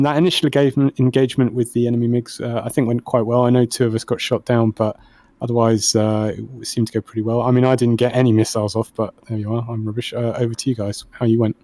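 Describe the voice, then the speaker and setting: A man's voice: medium pitch, mellow, no echo. A man giving a casual flight sim debrief as flight lead, modest and self-deprecating.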